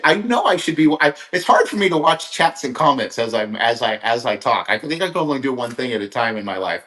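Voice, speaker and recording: In a reverberant space, a middle-aged Kansas man delivers a live-streamed motivational talk, earnest and rambling, with stories full of restarts. He has a mid-range voice with a fairly bright tone.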